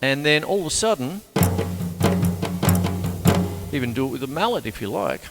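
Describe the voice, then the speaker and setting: A man's voice: mid-range voice, sing-song, fast, vocal fry, big-room sound, over loud music. An Australian man giving a casual drum lesson, chatty and rambling, cracking jokes and saying "you see" a lot. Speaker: drum teacher. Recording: drum kit playing behind the voice.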